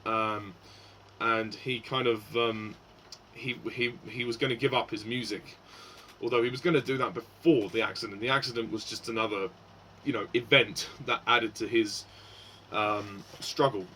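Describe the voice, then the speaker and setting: A man's voice: on the low side, steady tone, moderate pace, pushed and bright, slight background noise, low-quality recording. Hesitant man reviewing a film. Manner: hesitant, many fillers and restarts. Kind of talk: casual spoken film review.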